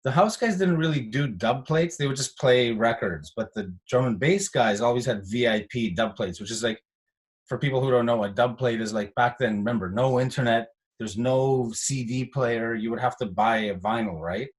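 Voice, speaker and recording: A man's voice: mid-range voice, normal speed. A man hosting a casual chat, telling stories in a rambling way, full of "like" fillers. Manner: rambling, animated storyteller with many "like" fillers. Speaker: host.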